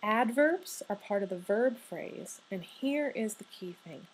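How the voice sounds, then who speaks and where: A woman's voice: mid-range voice, expressive, unhurried, husky, poor audio. A woman giving a recorded university grammar lecture, conversational and wry, often posing questions to her students.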